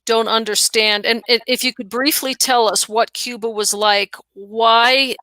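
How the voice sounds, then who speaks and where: A woman's voice: on the high side, fairly even intonation, unhurried, bright, forceful tone, no echo. A woman hosting an interview, curious and asking long, loose questions. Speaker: show host.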